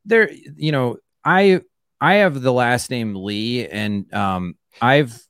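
Rambling, smooth-voiced man. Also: medium pitch, takes it slowly, fairly bright tone, no echo, studio quality. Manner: rambling, many fillers and restarts. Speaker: comedian guest. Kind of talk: casual chat.

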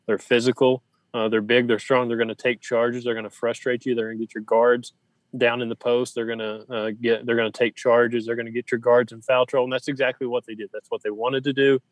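A man's voice: mid-range voice, little pitch movement, brisk, no room sound, poor audio. A man co-hosting a sports podcast, making his points with emphatic, repeated phrasing. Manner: emphatic, listing points in rhythmic repetition. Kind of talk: casual sports talk.

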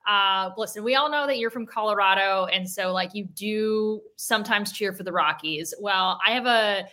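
Female co-host, chatty storyteller, crisp bright tone. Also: mid-range voice, moderate pace. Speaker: podcast co-host. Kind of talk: casual chat.

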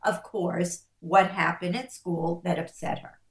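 A middle-aged woman who coaches on parenting and stress, telling stories slowly and emphatically and acting out the voices of the people in them. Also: on the low side, fairly even intonation, echoey room. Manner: slow, emphatic, acts out the voices in her stories. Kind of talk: interview storytelling.

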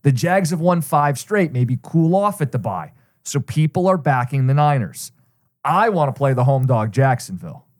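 A man's voice: medium pitch, animated, moderate pace, darkish tone. Man, betting podcast co-host, teasing, laughs a lot, methodical picks. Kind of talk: casual sports betting banter.

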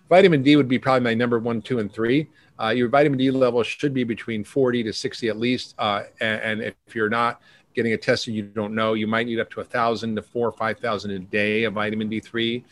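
Middle-aged male doctor guest, mid-pitched, brisk list-rattling delivery. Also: no room sound. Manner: brisk, rattles off long lists. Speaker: functional medicine doctor, guest. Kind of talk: podcast interview.

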